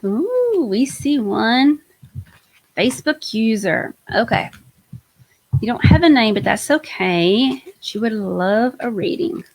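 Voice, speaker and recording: A woman's voice: on the high side, takes it slowly. A woman hosting a live-stream tarot reading, chatty and enthusiastic, often trailing off and restarting her sentences. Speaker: host, tarot reader.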